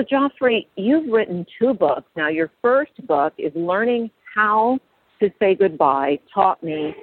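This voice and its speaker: A woman's voice: lowish voice, no room sound. A woman hosting a radio interview, who affirms her guest and sums up ideas for listeners. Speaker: radio host. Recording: dry, phone-like narrow sound.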